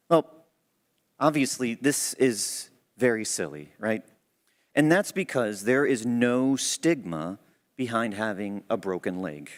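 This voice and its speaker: At church, a man tells a story in an earnest, conversational style as part of his sermon. He speaks slowly at a medium pitch with lively intonation.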